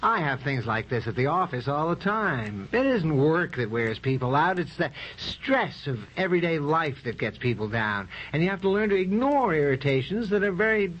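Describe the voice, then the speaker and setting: Figure: a blustering suburban husband. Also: male voice, a little high, sing-song, normal speed, hardly any pauses, fairly bright tone. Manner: indignant, lecturing. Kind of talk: 1970s radio comedy acting. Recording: dull old radio recording with hiss.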